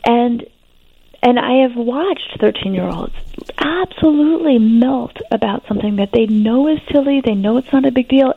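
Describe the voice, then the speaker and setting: A woman, a guest expert on adolescence, explaining teenage development in an interview in an animated, reassuring way with frequent fillers. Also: on the high side, moderate pace, vocal fry, slightly rough, no echo. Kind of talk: interview conversation. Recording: tinny phone-line sound.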